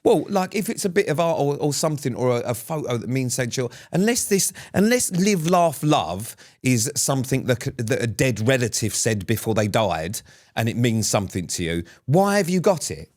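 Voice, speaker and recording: A man's voice: medium pitch, very animated, fairly quick, a little mellow. A man co-hosting a podcast, ranting bluntly in casual chat and swearing often. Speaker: podcast co-host.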